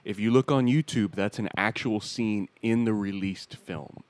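A man's voice: fairly low pitch, moderate pace. A young adult man co-hosting a podcast, joking, laughing often and talking casually into a studio mic. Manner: laughs often, jokey and animated. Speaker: podcast co-host. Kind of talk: casual chat.

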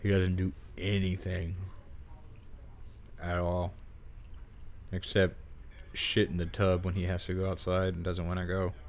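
Low-voiced, crude joking man. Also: monotone, a little slow, pauses often, a little hiss or hum. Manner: crude, joking, swears often. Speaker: podcast co-host. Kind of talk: casual chat.

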